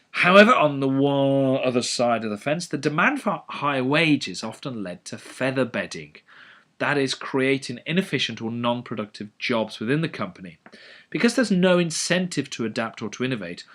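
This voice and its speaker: A man giving an educational economics lecture, animated and full of sardonic asides. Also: medium pitch.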